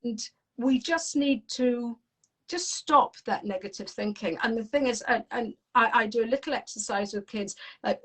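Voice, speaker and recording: A middle-aged woman, a parenting coach talking in an interview in a lively, rambling way with frequent restarts. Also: fairly high pitch, moderate pace, low-quality recording. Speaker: parenting and teen coach, guest. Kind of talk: conversational interview.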